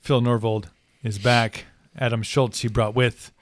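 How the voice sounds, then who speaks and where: A man's voice: medium pitch, flat delivery, unhurried, dry recording, studio quality. A man hosting a casual podcast in a home basement, joking and rambling, laughing often. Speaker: podcast host. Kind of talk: casual chat.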